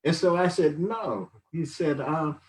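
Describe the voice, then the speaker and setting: A man's voice: fairly high pitch, a little slow, darkish tone, distant mic, low-quality recording. A man in his sixties giving a rambling, reflective testimony as a podcast guest, full of fillers. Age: 60s. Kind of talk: casual storytelling testimony.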